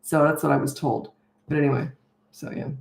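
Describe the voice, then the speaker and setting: Low-voiced chatty woman coach. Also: steady tone, a little fast, creaky, a little mellow. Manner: chatty, wandering off on tangents. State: tired. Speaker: parenting coach. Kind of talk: live Q&A chat. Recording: roomy echo.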